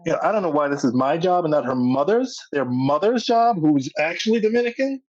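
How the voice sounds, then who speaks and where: A man's voice: fairly high pitch, brisk, no echo, highs cut off. A man who is a comedian, guest on a podcast, telling stories in casual chat and acting out quotes with street slang. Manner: animated storyteller, acts out quotes, street slang.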